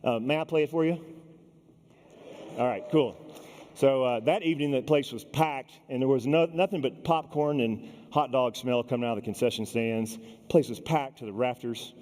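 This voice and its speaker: A man at a conference lectern tells stories in a lively, personal keynote and slips into the voices of the people he quotes. His voice sits at an ordinary middle pitch. A long hall reverb trails each phrase. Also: moderate pace. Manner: animated, addresses the audience directly and acts out quoted people. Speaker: keynote speaker. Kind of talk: storytelling keynote speech.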